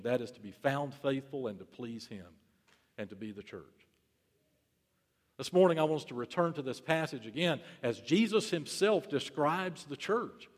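A pastor preaching a sermon in a fairly high voice, driving his points home with repeated phrases. His volume surges and then drops to a hush. The sound rings with a long hall reverb. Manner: rhetorical repetition, swelling and dropping in volume.

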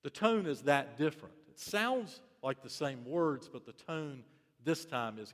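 A man's voice: a little high, animated, measured pace, fairly bright tone. A pastor preaching a sermon in an earnest, emphatic way, repeating his key phrases. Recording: reverberant hall.

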